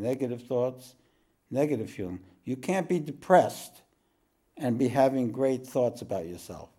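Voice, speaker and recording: A male spiritual teacher speaks slowly to a group in a room. His voice is dark and mellow, and his pace is unhurried. He clears his throat often and wanders into jokes along the way. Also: mid-range voice. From East Coast of the United States. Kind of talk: relaxed spoken teaching to a group.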